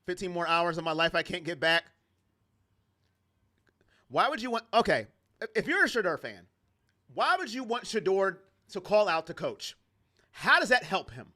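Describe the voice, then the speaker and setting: Man, high-pitched, bright voice, sarcastic fan play-by-play, exasperated asides. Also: sing-song, moderate pace, long pauses. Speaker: fan commentator of a sports reaction channel. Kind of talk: casual play-by-play reaction.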